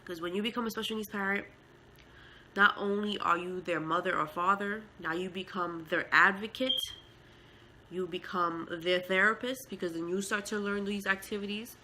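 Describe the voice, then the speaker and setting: Mother telling her story to camera, heartfelt and emotional, bright voice, lots of fillers. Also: mid-range voice, fairly even intonation, moderate pace, slight background noise, rough recording. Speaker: mother and vlogger. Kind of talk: casual storytelling vlog.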